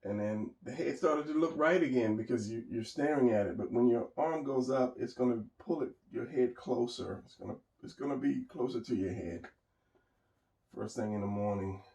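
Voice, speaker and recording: Rambling man with a gravelly voice. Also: mid-range voice, normal speed, darkish tone, echoey room, distant mic, low-quality recording. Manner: rambling, thinking aloud. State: tired, hiccuping and yawning. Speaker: artist narrating a drawing session. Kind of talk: casual drawing commentary.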